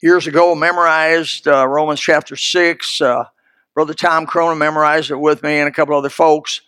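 A man's voice: a little high, flat delivery, moderate pace, bright, forceful tone, clear, resonant tone, no echo. A man preaching a sermon in a folksy, emphatic way, speaking straight to his listeners.

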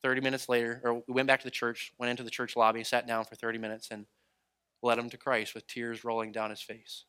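Bright-voiced man preaching a story sermon. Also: mid-range voice, fast, smooth. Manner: animated storytelling, acts out quoted voices. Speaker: traveling preacher.

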